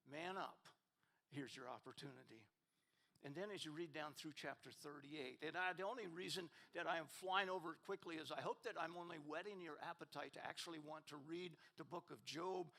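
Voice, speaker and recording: A man preaching a sermon as pastor, reading scripture with rising emphasis and dropping soft at the ends of verses. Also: on the high side. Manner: rises and swells when reading scripture questions. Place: church sanctuary.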